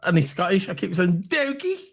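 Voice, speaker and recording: A man with a fairly high voice talks through a casual football chat as host. He is animated and keeps repeating his points for emphasis. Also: normal speed.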